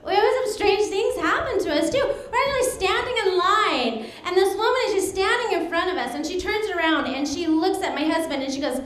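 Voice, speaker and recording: A woman in her thirties performs stand-up on a club stage, her voice high and bubbly with big swings up and down. She laughs at her own punchlines and slips into little voices for the people in her stories. The room rings with echo around her mic. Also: expressive, brisk, few pauses, a bit bright. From United States. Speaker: stand-up comedian. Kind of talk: stand-up comedy set.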